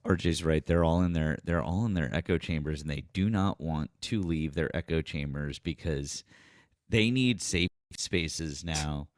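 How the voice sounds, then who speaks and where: A man's voice: rumbling low, unhurried, dry recording, studio quality. A man with a Boston accent hosting a political livestream in casual chat. He swears freely, laughs often and acts out people he mocks in a raised voice.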